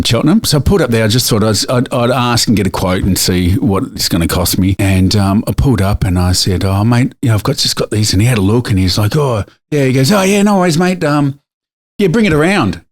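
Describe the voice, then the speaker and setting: A middle-aged Australian man co-hosts a podcast, his fairly low voice moving briskly. He rambles through a story in casual chat, full of fillers and restarts.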